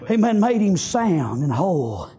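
A man preaching a fiery sermon, shouting phrase after phrase and opening each one with "uh", then dropping into quieter storytelling. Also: very animated, measured pace, husky. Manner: swings between loud shouting and low, quiet storytelling.

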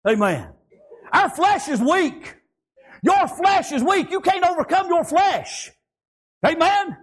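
A man preaching a fervent sermon, breaking into shouts and filling every pause with "praise God" and "amen". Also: very high voice.

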